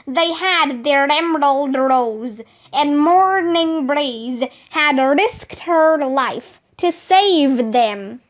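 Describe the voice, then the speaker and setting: Very slow, high-voiced woman reading aloud. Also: animated. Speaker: narrator. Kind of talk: reading a children's book aloud.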